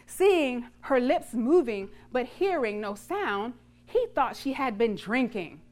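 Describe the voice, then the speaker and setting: A woman preacher retelling a Bible story in a sermon, dramatic and lively with touches of humor. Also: fairly high pitch, slow.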